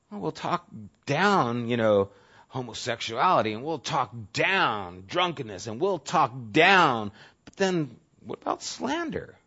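A male pastor preaching a sermon in a casual, conversational way, sometimes dropping to a soft, low voice for emphasis. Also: very animated, a little slow. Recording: dull lo-fi audio.

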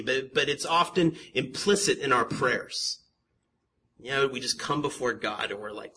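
A man preaching in a church, his voice bright and forward. He moves from steady explanation to fervent, emphatic questions and drops wry jokes to the people in front of him. A faint hum of room ambience sits behind him. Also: mid-range voice, measured pace. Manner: builds from calm teaching to impassioned, emphatic questioning; joking asides to the congregation. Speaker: pastor. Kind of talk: sermon. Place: church sanctuary with a congregation.

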